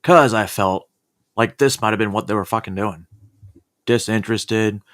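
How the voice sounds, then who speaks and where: A man's voice: fairly low pitch, normal speed, long pauses, fairly bright tone. A man from the United States commenting sarcastically, with swearing, over a played clip. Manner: sarcastic, profane asides. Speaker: show host reacting to a clip.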